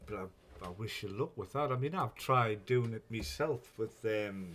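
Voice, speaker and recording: A man chats loosely on his own live stream in a lowish voice. He rambles, swears without a second thought and chuckles often while greeting viewers. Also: measured pace, a bit bright. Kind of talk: casual live-stream chat.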